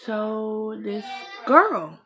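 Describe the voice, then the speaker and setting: A woman's voice: mid-range voice, lively intonation, drawn-out words. A young woman telling a personal story in a frank, profane, casual way, full of trailing fillers. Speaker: vlogger. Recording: noisy background hiss.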